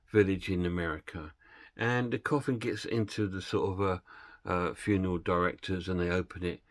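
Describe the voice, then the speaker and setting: A man's voice: sits low, no echo, clean studio sound. A man casually retelling a film plot and reviewing it, rambling and hesitant with plenty of fillers.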